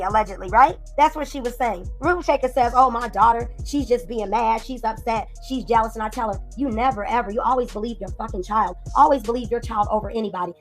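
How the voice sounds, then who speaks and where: A woman with a fairly high voice hosts a heated commentary stream, ranting in fast, profane bursts. Soft music plays faintly underneath her voice. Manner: angry, profane, rapid ranting. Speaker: commentary channel host. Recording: light background music.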